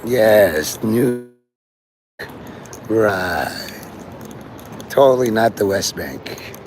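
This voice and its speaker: A man's voice: on the low side, animated, extremely slow, background noise. Rambling man streaming on a city street. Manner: rambling, talks to chat, acts out quoted voices. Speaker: livestreamer. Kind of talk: rambling outdoor livestream talk.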